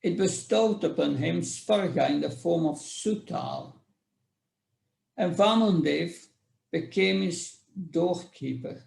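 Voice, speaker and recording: A man reading scripture verses aloud and explaining them in a class, halting often and restarting his sentences. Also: a little high, vocal fry, a little mellow, roomy sound. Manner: slow, halting, with restarts and fillers.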